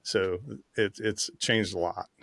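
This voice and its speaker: A man's voice: low-pitched, steady tone, takes it slowly, creaky, fairly bright tone, dry recording, clean studio sound. An older man hosting a car podcast, asking questions in an easygoing, loose way with lots of affirming asides. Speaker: podcast host. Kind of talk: casual interview chat.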